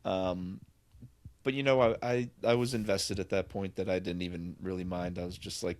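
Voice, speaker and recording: A man's voice: deep voice, steady tone, moderate pace, darkish tone, no echo. A man co-hosting a podcast, rambling enthusiastically about films in casual chat with lots of fillers. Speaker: podcast co-host.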